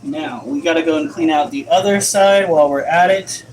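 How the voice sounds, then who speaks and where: High-voiced man cooing at his pets. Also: normal speed, a little hiss or hum. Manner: playful, coos at his pets in baby talk. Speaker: streamer cleaning pet enclosures. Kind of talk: casual live-stream chat. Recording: roomy room echo.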